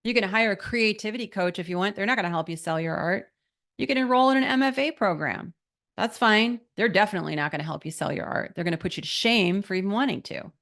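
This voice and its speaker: A woman's voice: medium pitch, animated, brisk, fairly bright tone. A middle-aged woman leads an online course lesson as a mentor for artists. She speaks in an emphatic, motivational way and keeps throwing rhetorical questions at her listeners. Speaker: art business mentor.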